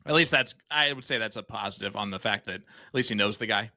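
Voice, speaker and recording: A man's voice: on the low side, fast talker, vocal fry, bright, forceful tone. A man doing live darts commentary, cracking jokes and teasing banter between throws.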